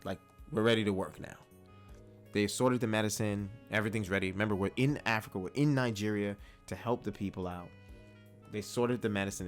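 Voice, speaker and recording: A man hosting his own vlog, telling a personal story in a chatty, animated way and acting out the voices of the people in it. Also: fairly low pitch. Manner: animated, chatty, acts out quotes. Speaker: vlog host. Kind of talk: casual storytelling monologue.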